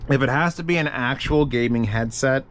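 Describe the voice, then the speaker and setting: A man's voice: medium pitch, moderate pace, a bit bright. A man casually chatting on a livestream, answering audio gear questions in a rambling, profane way. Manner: profane, rambling, thinking aloud.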